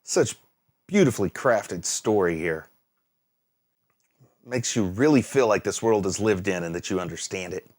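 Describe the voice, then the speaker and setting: A man's voice: on the low side, normal speed, long pauses, darkish tone. A man hosting an anime reaction, chatting casually, exclaiming and laughing at the screen, then musing aloud. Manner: muses aloud, thinking things through.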